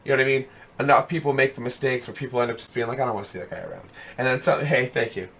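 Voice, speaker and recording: Young guy streaming w a hoarse voice, losing it, rambly, lots of dude and bro, headset mic. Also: medium pitch, fairly even intonation, very fast, fairly bright tone. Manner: rambling, fillers of "you know what I mean"; chummy, calls viewers dude and brother. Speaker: streamer hosting a web show. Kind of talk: casual live-stream chat.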